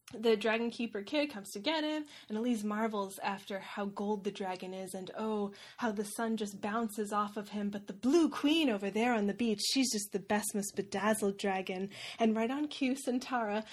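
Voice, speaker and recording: A woman host giving a wry, irreverent comedic recap of a fantasy novel. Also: medium pitch. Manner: wry, irreverent, laughs often. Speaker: podcast host.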